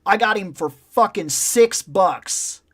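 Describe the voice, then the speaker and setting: A man hosting a casual live chat show, telling stories in an animated way and swearing a lot. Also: high voice, slow, breathy edge. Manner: profane, animated storytelling. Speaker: podcast host.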